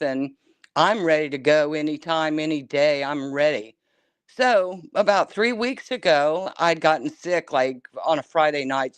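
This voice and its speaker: A middle-aged woman phoning in to a show, speaking candidly and with feeling. Her voice is smooth and clear. The sound is dry and close. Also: deep voice, dry recording. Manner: candid and emotional, openly personal. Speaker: caller. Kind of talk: casual call-in chat.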